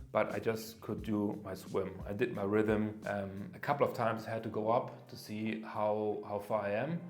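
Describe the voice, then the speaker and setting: A man narrating his race day in a plain, matter-of-fact vlog voice-over, with some fillers. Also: on the low side. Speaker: vlogger recounting his race.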